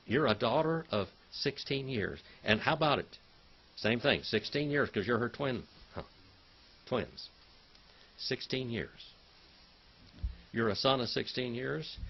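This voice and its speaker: A man's voice: mid-range voice, gravelly, breathy edge, muffled recording. A man teaching a Bible Hebrew class in a folksy, chatty way, calling on students by name and drilling word meanings. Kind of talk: classroom lecture.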